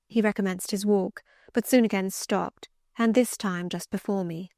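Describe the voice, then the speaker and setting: A woman narrating a classic novel in the first person, measured and earnest. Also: mid-range voice, fairly even intonation, darkish tone, no room sound, studio quality. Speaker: audiobook narrator.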